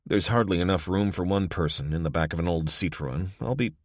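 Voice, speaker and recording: A man's voice: deep voice, a little fast, dry recording. A man voicing a weary, watchful survivor who speaks in short, dry remarks. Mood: laconic. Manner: laconic, dry.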